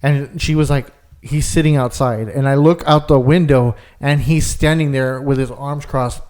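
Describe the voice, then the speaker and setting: A man's voice: medium pitch, steady tone, normal speed, a little mellow. A young man co-hosting a podcast, telling a long story in casual chat and leaning hard on fillers. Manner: rambling storyteller, lots of "like". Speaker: podcast co-host.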